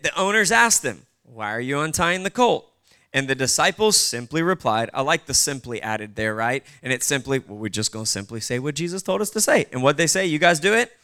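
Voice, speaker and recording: Bright, clear-voiced preacher man. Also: medium pitch. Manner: casual, conversational preaching with asides. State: short on sleep. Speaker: pastor. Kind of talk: sermon.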